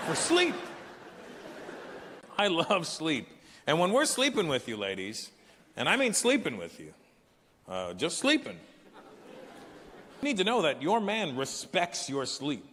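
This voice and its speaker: Brash stand-up comedian, lively pitch. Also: male voice, measured pace, long pauses, a little hiss or hum. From Canada. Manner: animated, brash storytelling that jumps into character voices. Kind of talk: live stand-up routine. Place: large live venue. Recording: echoey hall with loud ambience.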